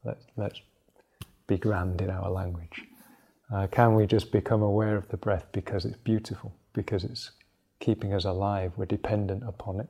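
Male meditation teacher, low gravelly voice, mellow tone, relaxed and thinking aloud in class. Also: moderate pace.

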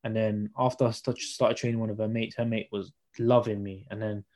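Man, young, fast-paced, mellow voice, slangy storyteller. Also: on the low side, level tone. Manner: slangy, storytelling, acts out dialogue. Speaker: podcast guest, personal trainer. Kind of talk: casual chat.

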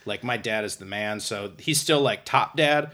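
A man's voice: lowish voice, normal speed, pushed and bright. A man co-hosting a podcast, jokey and rambling, often stumbling over his words. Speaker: podcast co-host. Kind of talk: casual chat.

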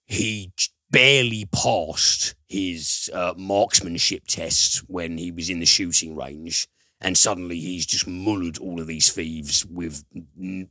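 Deep, bright-toned man chatting about a film. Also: dry recording, clean studio sound. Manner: rambling, many fillers, retells scenes with swearing. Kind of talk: casual film review chat.

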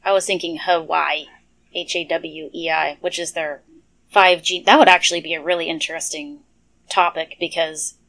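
A woman's voice: lowish voice, steady tone, normal speed, a bit bright. A woman co-hosting a casual political chat, chatty and opinionated.

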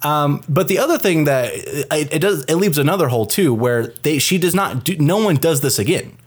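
A man's voice: on the high side, normal speed, husky. A man in a loose podcast chat about a film, his talk full of swearing, restarts and filler "like". He rambles through his points and jumps into acting out the characters' lines. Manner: animated, acts out characters' lines mid-sentence. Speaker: podcast co-host reviewing a film. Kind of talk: casual chat.

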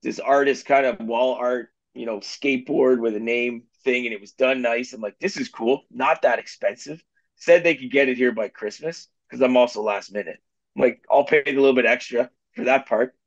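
A man's voice: medium pitch, normal speed. A man with a mid-range voice co-hosting a casual real estate podcast. He tells loose, self-deprecating stories and laughs at his own mistakes. His recording sounds slightly dull and muffled, lacking some top end. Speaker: mortgage agent and podcast co-host.

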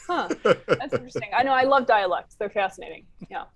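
A woman's voice: medium pitch, lively intonation, brisk, breathy edge. A woman from Chicago, co-hosting a podcast in a playful, chatty way with frequent laughs. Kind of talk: casual podcast chat.

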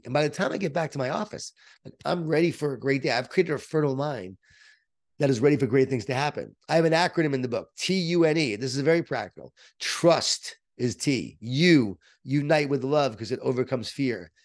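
A middle-aged man, an author being interviewed, telling stories in an energetic, emphatic motivational way. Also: medium pitch, brisk. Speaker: author and guest. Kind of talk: interview, storytelling.

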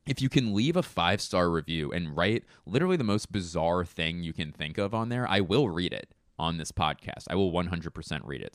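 A man with a low, smooth voice hosts a casual solo podcast, rambling loosely and swearing freely as he goes. He restarts his sentences often and leans on fillers. The recording is dry and close. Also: fairly bright tone, no echo. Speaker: podcast host.

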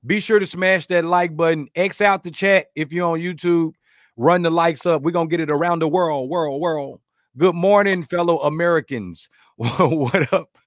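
A man hosting a podcast, chatting casually, joking, rambling through stories and giving shout-outs to listeners. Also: on the high side, moderate pace, dry recording, clean studio sound. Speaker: podcast host.

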